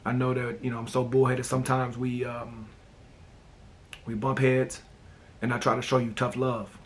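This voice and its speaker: A man with a gravelly, rough-edged voice hosts a casual talk show. He tells family stories in a laid-back, rambling way and keeps dropping "man" and "you know." His voice sits at a middle pitch. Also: level tone, moderate pace, a little hiss or hum. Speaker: host. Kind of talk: casual personal storytelling.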